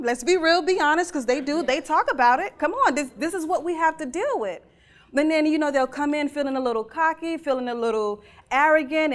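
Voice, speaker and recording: A woman giving a conversational keynote talk, earnest and animated, putting questions to her audience. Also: high-pitched. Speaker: keynote speaker.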